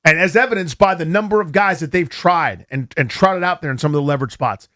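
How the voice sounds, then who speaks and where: A man hosting a sports talk radio show, talking fast and animated and taking calls. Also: a little high. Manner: animated, rapid, takes calls. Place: radio studio.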